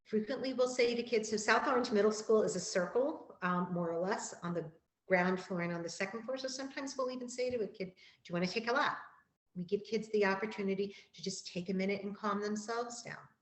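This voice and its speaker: A woman school counselor giving a calm, gentle, explanatory presentation to parents, repeating key phrases. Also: mid-range voice, brisk, echoey room, rough recording.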